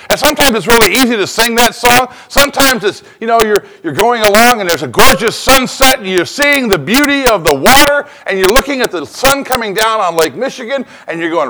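A man's voice: high voice, expressive, a little fast, hardly any pauses, bright, forceful tone, poor audio. A man preaching as pastor, talking to his congregation in a conversational, joking way and breaking into bits of song. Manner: conversational, jokey preaching with sung snippets. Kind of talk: sermon.

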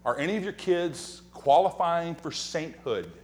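A man's voice: on the high side, measured pace, background noise. A man preaching a sermon as pastor in a church sanctuary, telling humorous stories and acting out quoted lines. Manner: animated, joking storyteller who acts out quotes and whispers.

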